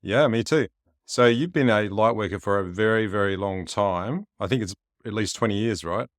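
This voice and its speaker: A man hosting a podcast, asking his guest questions in a relaxed way. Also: on the low side, normal speed, dry recording, studio quality. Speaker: podcast host. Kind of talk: interview questions.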